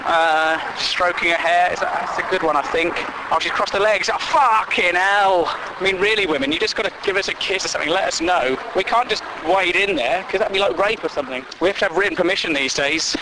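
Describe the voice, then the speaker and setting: A man's voice: high voice, brisk, few pauses, noisy background. A man giving a rambling, sweary comic monologue, exasperated and jumping between bits.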